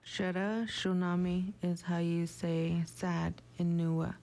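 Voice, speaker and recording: Woman, gravelly and flat, slow word-by-word teaching voice. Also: fairly low pitch. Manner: slow, repeating each word. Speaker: language teacher. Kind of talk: word pronunciation lesson.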